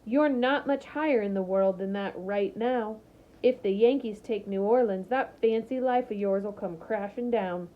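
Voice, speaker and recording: A composed, proud young woman who answers insults with measured calm, as a reader puts her on. Her voice sits a little higher than the narration. The storybook reading sounds slightly muffled and lo-fi. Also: natural voice. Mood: cool.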